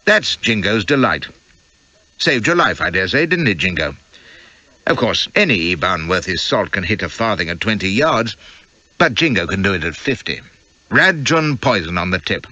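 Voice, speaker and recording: A man's voice: lowish voice, very animated, normal speed, bright, forceful tone, no echo, heavily acted. A man voicing a jolly, callous adventurer leader of about forty in an audiobook, with breezy, teasing banter. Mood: jovial. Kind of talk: audiobook character voice.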